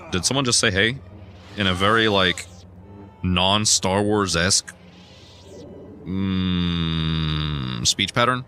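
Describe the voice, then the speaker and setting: A young man chatting casually while he plays a video game, self-deprecating and given to sudden excited yelps. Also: low voice. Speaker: gaming streamer. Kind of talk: casual rambling gameplay commentary.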